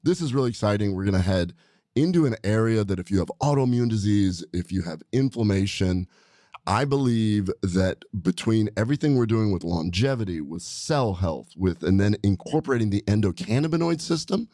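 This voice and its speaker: A man with a lowish voice hosts a casual podcast chat in a studio. He rambles along in an upbeat, excited way. The sound is close and dry. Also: a little fast, dry recording. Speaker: podcast host, doctor.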